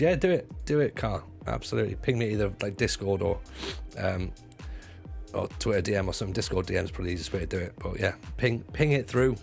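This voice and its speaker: A low, gravelly man bantering with his chat on a livestream, joking like the comic he once was. He swears freely and stumbles over restarts, with soft music under him. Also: quick pace. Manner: jokey, chatty, stops and restarts, swears freely. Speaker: livestreamer and former stand-up comic. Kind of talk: casual livestream chat with viewers.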